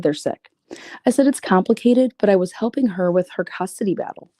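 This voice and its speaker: A woman's voice: medium pitch, a little fast, warm tone, dry recording, clean studio sound. A woman reading out private messages and commenting on them in a blunt, profane, sarcastic way. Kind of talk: casual commentary reading screenshots.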